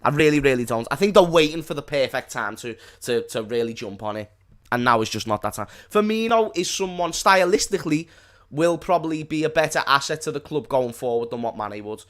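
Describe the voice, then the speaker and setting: A man's voice: a little high, lively intonation, fairly quick, a bit bright. A man co-hosting a casual football chat, jokey and opinionated. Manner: jokey, opinionated, bursts into laughter. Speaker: podcast co-host.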